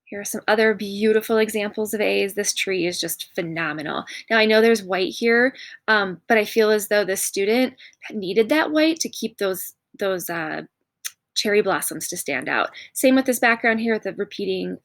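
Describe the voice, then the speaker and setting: A woman's voice: mid-range voice, normal speed, vocal fry, no echo. A woman art teacher talking through student examples in a recorded lesson, encouraging and pointing things out one by one. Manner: encouraging, repeats "notice" while pointing out examples. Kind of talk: recorded classroom lesson walkthrough.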